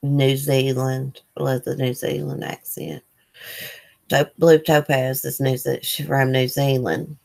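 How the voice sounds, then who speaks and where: Low-voiced chatty woman. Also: little pitch movement, measured pace, vocal fry, darkish tone. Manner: chatty, reads viewer comments aloud; loose, rambling with fillers. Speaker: livestream host. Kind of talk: casual live chat.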